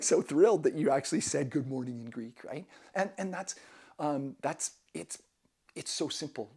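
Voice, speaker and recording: A man's voice: mid-range voice, darkish tone, breathy edge. A man vlogging casual travel tips to camera, enthusiastic and rambling, with many restarts.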